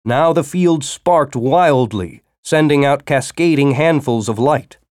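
A man narrating a science-fiction story as an audiobook, with expressive storytelling. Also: mid-range voice, slow pace, no echo, clean studio sound.

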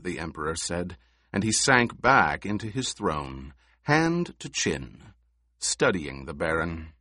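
Male narrator, measured and expressive, slow delivery, dry sound. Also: deep voice, no room sound. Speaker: audiobook narrator. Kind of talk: scripted narration.

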